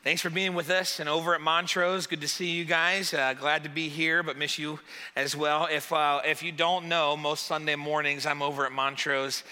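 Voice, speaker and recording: Man, pastor, casual sermon, very bright tense tone, long hall reverb. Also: a little high, moderate pace, clean tone. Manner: chatty, joking, animated asides.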